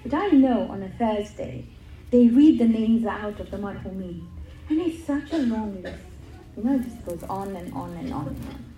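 A woman's voice: medium pitch, expressive, normal speed, warm tone, slight background noise. Earnest woman in a roomy hall. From England. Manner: earnest storytelling with emphatic repetition. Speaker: religious speaker. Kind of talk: religious talk to an audience.

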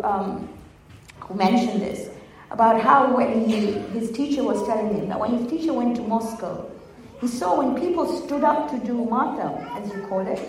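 A woman's voice: fairly high pitch, a little mellow, a little hiss or hum. A woman giving a religious talk to a gathering, speaking conversationally and asking the audience questions. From Gujarati-speaking community. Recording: echoey hall, voice from far off.

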